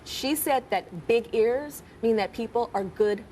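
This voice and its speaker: A woman's voice: fairly high pitch, lively intonation, measured pace, mellow. A woman in her thirties hosting a talk show, playful and joking, laughing often. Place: TV studio with live audience. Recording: studio audience and noise behind.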